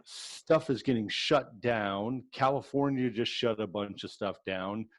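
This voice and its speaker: A middle-aged man co-hosting a sports podcast, chatting excitedly with casual slang. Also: fairly low pitch, a little slow, no room sound. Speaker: podcast co-host. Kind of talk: casual chat.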